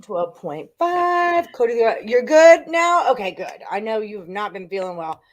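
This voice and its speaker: A woman's voice: a little high, big pitch swings, unhurried. A woman hosting a live sports betting show, reading out viewers' picks and chatting casually.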